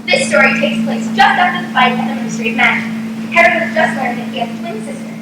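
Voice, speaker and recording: A woman's voice: high voice, quick pace. Playful woman hosting a stage show. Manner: playful, self-promoting, theatrical. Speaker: host and narrator. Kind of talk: live stage show narration. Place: convention room, stage. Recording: echoey hall, far from mic, loud noise.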